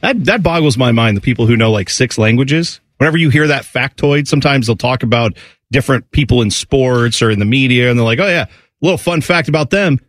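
A man's voice: mid-range voice, brisk, no room sound. A man hosting a morning talk show, rambling in casual banter and dropping into mocking impressions.

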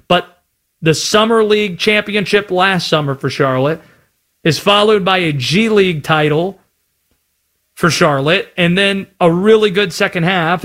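A man from North Carolina hosting sports talk radio, chatty and animated. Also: high voice.

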